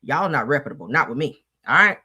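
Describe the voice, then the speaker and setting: Animated, profane woman ranting. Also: very deep voice, fast talker, slightly rough, dull audio. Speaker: commentary show host. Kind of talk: heated casual commentary.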